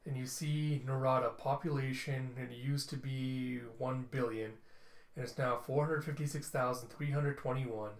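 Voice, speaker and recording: A man's voice: medium pitch, moderate pace. Man narrating a comic readthrough in an echoey room. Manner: animated, emotional. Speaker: comic book reviewer.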